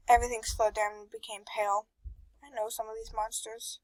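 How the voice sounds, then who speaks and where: A young woman reading a fan story aloud, narrating in a soft, hushed, dramatic way. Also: on the high side, flat delivery, fairly quick, dry recording, rough recording. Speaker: fan dub reader.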